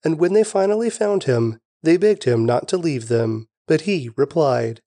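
Man reading scripture in a lively voice. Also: a little high, normal speed, hardly any pauses, no echo. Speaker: scripture reader.

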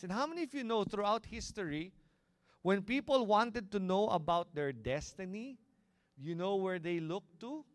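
High-voiced Filipino pastor preaching. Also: male voice, animated, a little fast, no room sound, studio quality. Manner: calls out "Amen?" to the congregation, swings between loud and hushed. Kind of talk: sermon. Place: cinema hall used as a church.

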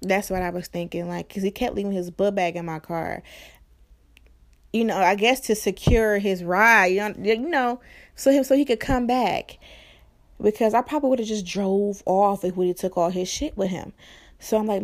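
Young woman, vlogger, casual storytime, profane, animated, exasperated. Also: mid-range voice, normal speed.

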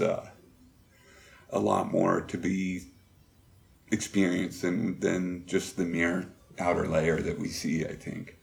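A middle-aged man telling personal stories as an interview guest, halting and reflective with many pauses. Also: low voice, creaky. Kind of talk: candid personal storytelling.

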